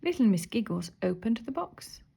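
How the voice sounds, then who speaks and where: A woman reading a children's story aloud with expressive, animated pitch. Her voice is soft and breathy, dropping now and then to a whisper. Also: moderate pace. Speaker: story reader.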